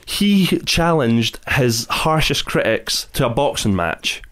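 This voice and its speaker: A man's voice: mid-range voice, sing-song, a bit bright. A man hosting a casual chat, telling stories with fillers and restarts. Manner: storytelling, halting with fillers and restarts. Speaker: host.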